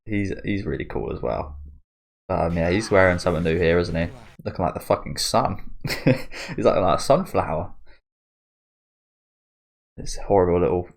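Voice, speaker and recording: A man's voice: deep voice, animated, moderate pace, vocal fry, long pauses. A man giving a casual, rambling reaction commentary on an anime trailer, often trailing off as he searches for words. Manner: rambling and chatty, often losing his train of thought.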